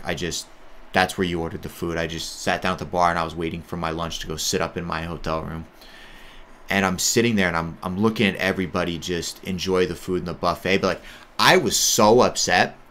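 A man's voice: low-pitched, pushed and bright. An American man in his thirties, a judo athlete, telling his own story in a candid, rambling way, full of "like" and "right?". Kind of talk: casual storytelling monologue.

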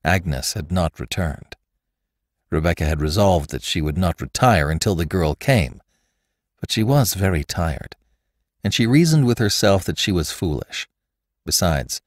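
A man narrating a classic story in a measured, expressive way on a close studio mic. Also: low-pitched, dry recording. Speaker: podcast narrator. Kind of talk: audiobook narration.

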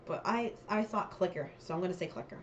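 A young woman with a slightly low voice talks casually to camera, reading questions and thinking aloud. Her chat rambles and circles back to answers. A faint hum of background noise sits under the recording. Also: quick pace, dull audio. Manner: chatty, thinking aloud, reads questions then muses. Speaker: vlogger. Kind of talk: casual quiz commentary.

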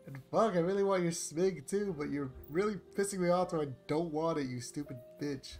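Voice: medium pitch, normal speed, few pauses, a little mellow. A young adult gamer ranting angrily and swearing constantly during gameplay commentary, with sighs. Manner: frustrated, sighs and laughs. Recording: faint game music behind.

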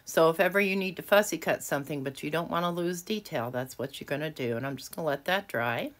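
A craft video host with a low voice talks fast while leading a casual crafting tutorial at her home desk. She is chatty and self-deprecating, often laughing at herself.

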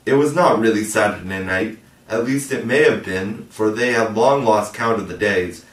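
Male audiobook narrator, low voice, roomy sound, set back from the mic. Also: normal speed. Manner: reads steadily, puts on higher voices for the children. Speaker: audiobook reader. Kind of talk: scripted narration. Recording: echoey room, mic at a distance.

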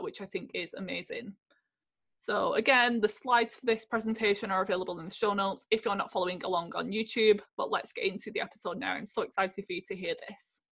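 A woman's voice: mid-range voice, fairly bright tone. A woman hosting a health podcast, introducing the episode and guest in an upbeat, enthusiastic way. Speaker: podcast host. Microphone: podcast microphone.

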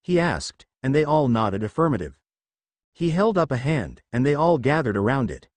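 Man narrating fanfic, lively pitch. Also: normal speed, no echo. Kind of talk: fanfiction read-aloud narration.

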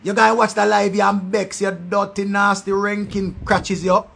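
A man with a Jamaican accent ranting loudly in a commentary, throwing insults in patois. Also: high-pitched, level tone, normal speed, creaky. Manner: loud, insulting rant in patois. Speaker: online commentator.

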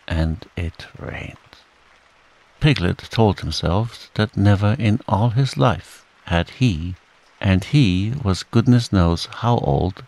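Deep, gravelly bedtime storyteller. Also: male voice, poor audio. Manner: soft, soothing, unhurried. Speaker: audiobook narrator. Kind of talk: calm bedtime story reading.

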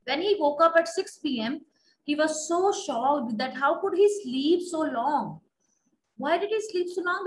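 A woman teacher with an Indian English accent and a high voice reads a story passage aloud, then stops to retell it simply for her students. A faint hiss sits under her voice. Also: poor audio. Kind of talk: reading and explaining a story to a class.

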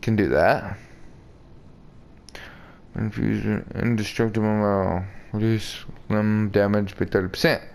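Gravelly slow-talking gamer. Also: male voice, lowish voice, steady tone, a little mellow. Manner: joking, crude, talks back to the game. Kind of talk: casual let's play commentary.

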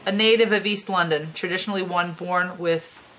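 A woman in her thirties, a vlogger chatting casually and reacting out loud as she watches a movie at home. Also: fairly low pitch, steady tone, normal speed, a little hiss or hum. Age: 30s. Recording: movie soundtrack playing behind.

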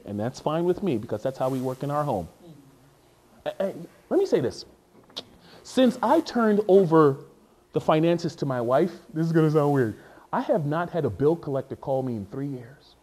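A man preaching a sermon as a pastor, animated and jokey, often stopping to repeat and restart his words. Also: a little high, moderate pace.

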